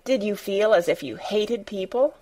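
Woman reading as a frail, excitable sickly boy. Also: mid-range voice, normal speed, lightly acted. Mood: pleading. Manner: breathless, pleading, excitable. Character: frail, hysterical invalid boy.

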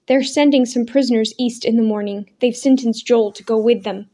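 A woman's voice: a little high, steady tone, fairly quick, mellow, close to an everyday voice. A woman voicing a frightened young woman who pleads in a breathless, urgent voice. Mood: frantic.

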